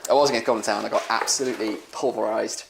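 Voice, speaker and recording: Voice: medium pitch, fairly even intonation, rapid-fire, vocal fry, background noise. A host chatting casually and self-deprecatingly while setting up a tabletop wargame on stream, swearing freely. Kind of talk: casual chat during a tabletop game stream. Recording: roomy echo.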